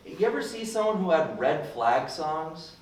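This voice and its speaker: A young man working through a loose, self-deprecating stand-up set in a lively, swooping voice. He sounds a bit high for a man. The mic sits well back in a very echoey room, with a faint hiss underneath. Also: normal speed, far from the mic. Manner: rambling, self-deprecating, puts on ranting voices. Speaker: stand-up comedian. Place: club open mic room.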